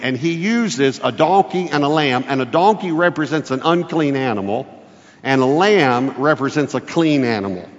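A man's voice: mid-range voice, animated, moderate pace. A middle-aged man preaching a sermon as a guest speaker, folksy and emphatic, leaning hard on key words. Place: church. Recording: muffled, echoey church hall.

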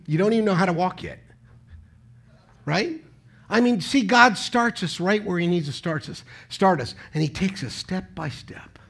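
A man with a notably high voice delivers a sermon that feels like a conversation with the pews. He asks his listeners rhetorical questions and keeps breaking into sudden loud emphasis on key words. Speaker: preacher.

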